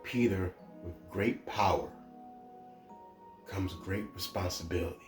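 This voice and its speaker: A man quietly voicing a gentle, dying elderly aunt in a hushed, low tone. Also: fairly even intonation, unhurried, echoey room, soft background music. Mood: solemn.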